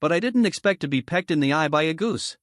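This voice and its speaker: A man's voice: on the high side, animated, quick pace, dry recording, studio quality, close to an everyday voice. A man voicing a captured woman gang leader in a story recap, rueful and composed.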